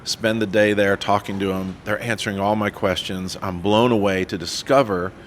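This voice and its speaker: A man as a podcast guest, telling his life story in an animated, self-deprecating way and acting out what people said. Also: fairly low pitch, moderate pace, slight background noise. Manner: animated storyteller who acts out his own quotes. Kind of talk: storytelling interview.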